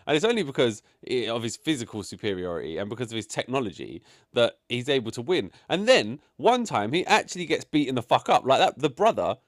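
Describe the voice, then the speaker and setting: A man's voice: medium pitch, very animated, fairly quick, no echo, clean studio sound. A man co-hosting a casual chat, giving blunt, sweary opinions with many fillers. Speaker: podcast co-host reviewing a film.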